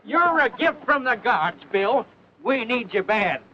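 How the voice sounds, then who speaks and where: Serial sidekick: a bouncy, folksy stage driver, dull vintage audio. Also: male voice, very high voice, sing-song, a little slow, exaggerated voice. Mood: eager. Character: excitable male stagecoach driver. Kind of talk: 1940s film serial acting. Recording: muffled old film soundtrack with hiss.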